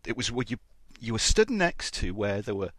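A man's voice: on the low side, big pitch swings, moderate pace, a bit bright. A man hosting an interview, laughing often and asking questions with fillers and restarts. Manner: laughs readily, hesitant with fillers. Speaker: podcast host. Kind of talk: casual interview chat.

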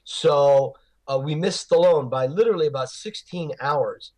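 A man talking in a casual interview, his voice sitting a little higher than usual for a man. He tells stories in an animated way, stumbling through fillers and restarts as he goes. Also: measured pace. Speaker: Rocky film tour guide.

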